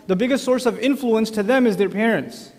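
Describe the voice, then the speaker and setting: A man giving an animated religious talk, telling stories and putting questions straight to his audience. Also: sits high, brisk, long reverb tail. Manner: animated storyteller, addresses the audience directly with questions. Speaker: speaker at an Islamic lecture. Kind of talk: lively conversational religious talk.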